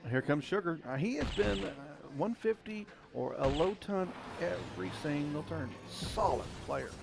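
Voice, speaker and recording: A man with an Ozark accent calling a darts match live, folksy, chatty and excitable. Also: a little high, normal speed, gravelly, noisy background. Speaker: darts commentator. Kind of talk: live play-by-play commentary. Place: darts venue. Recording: crowd chatter behind.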